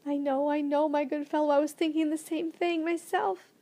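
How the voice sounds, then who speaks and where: A woman doing a flustered creature king, high and airy. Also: little pitch movement, normal speed, mellow. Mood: reassuring. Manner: tremulous, flustered. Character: excitable roly-poly male creature king, gracious.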